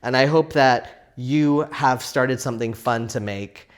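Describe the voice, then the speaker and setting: A man's voice: medium pitch, a little slow. A man hosting a casual crafting vlog, telling a rambling story with lots of "like" fillers and laughter. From Canada. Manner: animated, laughing, frequent "like" fillers.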